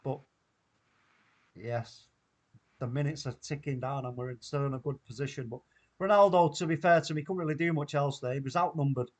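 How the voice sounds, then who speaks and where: A man with a Mancunian accent hosting a live football watchalong, reacting loudly and excitedly to the play. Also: mid-range voice, a little fast. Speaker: watchalong host.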